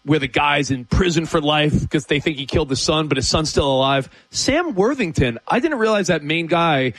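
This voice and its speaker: A man co-hosting a sports talk radio show, telling a story in a lively way. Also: a little high, normal speed, dry recording. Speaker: radio co-host. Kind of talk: casual sports radio banter. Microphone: studio mic.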